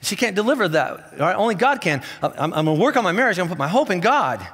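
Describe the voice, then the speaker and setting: A pastor preaching a sermon in a conversational, animated way, often restarting his sentences. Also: high voice, rapid-fire, breathy edge. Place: church auditorium. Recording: long reverb of a church hall.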